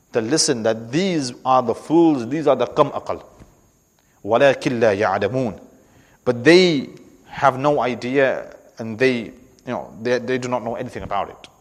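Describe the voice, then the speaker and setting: A man teaching scripture in a weekly class, speaking with emphasis, repeating key words and often checking in with "right?". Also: mid-range voice. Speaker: religious teacher. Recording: long echoing reverb of a hall.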